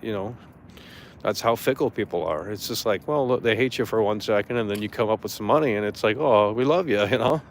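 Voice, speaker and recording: A man's voice: on the low side, brisk, slight background noise. Angry ranting man, swearing freely. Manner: mocking impressions in a raised voice. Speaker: streamer. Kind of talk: casual ranting monologue.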